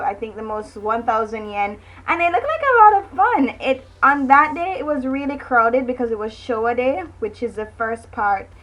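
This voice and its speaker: A woman's voice: fairly high pitch, fairly bright tone, rough recording. Upbeat chatty young woman vlogger. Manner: chatty and enthusiastic, with self-corrections and filler asides. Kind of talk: casual travel vlog narration.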